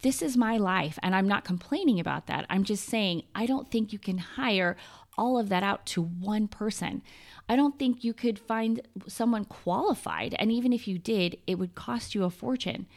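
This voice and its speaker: A woman's voice: mid-range voice, normal speed, a little mellow. A woman hosting her own podcast, talking through a personal monologue in an earnest, conversational way and often ticking through lists. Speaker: podcast host. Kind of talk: scripted solo podcast monologue.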